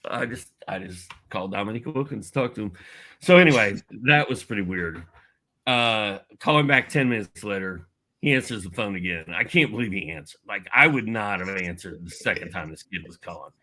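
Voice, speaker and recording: In a casual podcast conversation, a middle-aged man from Indiana animatedly recounts something that happened to him, voicing each person he quotes. He speaks briskly in a lowish, animated voice with a sharp tone.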